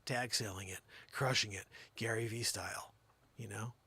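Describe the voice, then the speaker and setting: A man's voice: fairly low pitch, fairly even intonation, normal speed, bright, forceful tone, slightly rough. A man hosting a comedic monologue, rambling and teasing as he jokes. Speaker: host.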